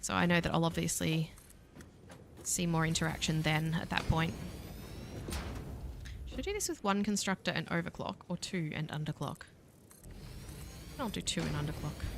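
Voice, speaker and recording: A young Australian woman streaming a factory-building game, thinking aloud and chatting with viewers, quick to laugh at herself. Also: sits low, gravelly, background noise. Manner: self-deprecating, laughs easily. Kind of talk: casual let's-play commentary. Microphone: desk mic, voice only without face cam.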